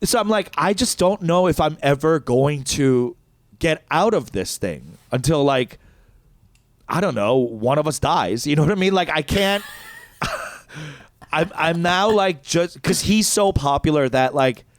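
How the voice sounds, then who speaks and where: Man, comedian co-host, exasperated storyteller, lively swinging pitch, dry close sound. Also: a little slow, dry recording. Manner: animated, exasperated, swears freely. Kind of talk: casual storytelling rant.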